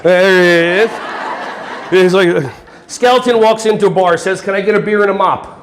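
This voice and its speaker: High-voiced joking man presenter. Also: fairly quick, crowd noise, noisy background. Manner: playful, joking, quizzes the audience. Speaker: conference presenter. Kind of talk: energetic workshop talk to a live audience.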